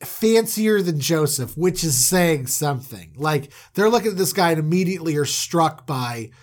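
A man with a fairly high voice tells a story in a loose, comedic way. He rambles and stays animated throughout. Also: moderate pace. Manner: animated, rambling, with many fillers.

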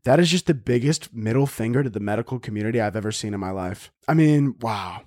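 A young man hosting a podcast, talking in a rambling, profane comedic monologue into a studio mic on a boom arm. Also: animated, quick pace, darkish tone, no room sound. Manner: rambling, profane, acts out stories in voices. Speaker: podcast host.

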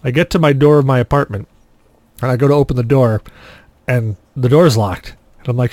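A man co-hosting a podcast, telling stories in a loose, animated way and acting out what people said. His voice sits at a middle pitch. It sounds dry and close, with no room sound. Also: a little fast, dry recording. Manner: animated anecdote-telling, acts out quotes. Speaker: podcast co-host. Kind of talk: casual chat, storytelling.

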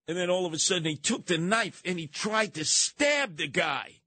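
A man's voice: sits high, lively intonation, normal speed, few pauses, sharp tone, no room sound. Brash New talk radio man. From New York City. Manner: combative, sarcastic, acts out quoted voices. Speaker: radio talk show host.

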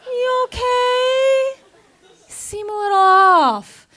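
A woman voicing a chirpy, overly sweet female office manager in a high sing-song voice. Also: takes it slowly, sharp tone, a faint crowd, exaggerated voice. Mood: gushing.

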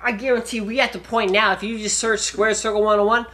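A man's voice: sits high, quick pace. A man co-hosting a casual boxing podcast, chatting and plugging the show at the sign-off. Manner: animated, promotional sign-off delivery. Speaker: podcast co-host.

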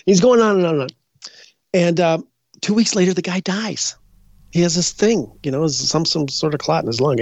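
An older Minnesota man appears as a guest psychic in a casual interview, his voice sitting high and a little mellow with no room sound. He rambles through stories, restarting sentences often and using lots of fillers, and the recording sounds dull, dry, and lo-fi.

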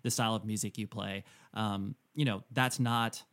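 A man's voice: on the low side, steady tone, moderate pace, fairly bright tone, no room sound. A man hosting a podcast who reads a sponsor ad and then asks long, hesitant, rambling questions. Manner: rambling, hesitant, many fillers when asking questions. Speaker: podcast host. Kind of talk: ad read and interview questions.

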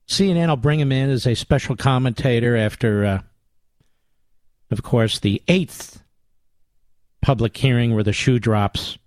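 An older man holds forth on talk radio, combative and biting, leaning hard on his words. His voice sits at an ordinary pitch and comes through a close studio mic with a dry, dead sound. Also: unhurried, pauses often, a little mellow, no echo. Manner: combative, sarcastic, emphatic. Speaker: radio talk show host. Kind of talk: political talk radio monologue with ad reads. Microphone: studio microphone.

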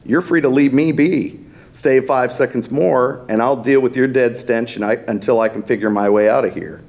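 A man's voice: medium pitch, moderate pace, darkish tone, natural voice. A man reading aloud and voicing a cocky, battle-hardened male mage who speaks in a defiant, cutting way. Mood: mocking.

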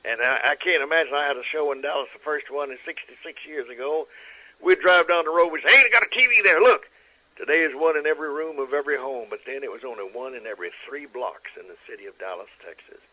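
Animated storyteller in his nineties. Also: medium pitch, fast talker, poor audio. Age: 90s. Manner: animated storyteller, acting out quotes. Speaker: guest. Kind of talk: storytelling interview.

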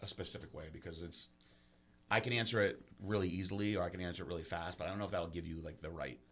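A man hosting a podcast, talking in a candid, halting, openly emotional way and swearing casually. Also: low-pitched, fairly even intonation, fairly bright tone. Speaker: podcast host.

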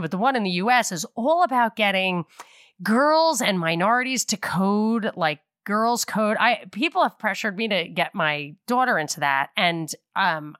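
A woman's voice: mid-range voice, fairly bright tone, no room sound, clean studio sound. A middle-aged woman hosting a podcast, talking through politics in a rambling, opinionated way and correcting herself as she thinks aloud. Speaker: podcast host. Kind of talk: casual political commentary.

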